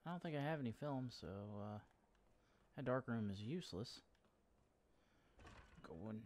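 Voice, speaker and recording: A young man at his desk mic riffs through a horror game in a loose, joking way. His voice sits at an ordinary middle pitch, and he swears now and then and talks back to the enemies on screen. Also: animated, unhurried, darkish tone. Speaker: gameplay streamer. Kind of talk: casual let's-play commentary. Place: home room.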